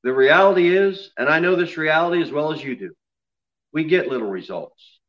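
A man preaching an expository sermon in a church, dropping low and quiet on solemn lines and rising loud on emphasis. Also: lively intonation, normal speed, muffled recording. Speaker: pastor. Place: church sanctuary.

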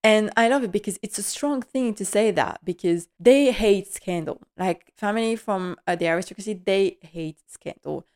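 A woman's voice: medium pitch, normal speed, few pauses, darkish tone. A woman host giving a casual, gushing episode recap, emotional and full of fillers.

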